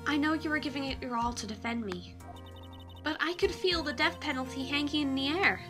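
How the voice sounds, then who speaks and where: A woman's voice: high voice, brisk, over music, lightly acted. A woman voicing a cheerful, chatty young woman medium in a video game read-along.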